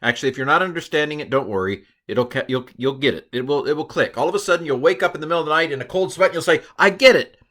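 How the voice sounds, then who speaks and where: Middle-aged guy going through hebrew grammar slides, bright clear voice, chatty, corrects himself a lot. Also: on the high side, very fast, hardly any pauses. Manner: chatty and self-correcting, with playful asides. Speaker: Hebrew teacher. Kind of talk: recorded lesson walking through slides.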